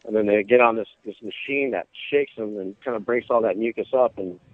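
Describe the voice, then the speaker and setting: A man's voice: fairly low pitch, a little fast, no echo. Guy on a phone call telling a story, doing the voices, sounds tinny and dry. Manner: animated storyteller, acts out quoted voices. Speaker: phone-in guest, surf instructor. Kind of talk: casual phone chat, storytelling.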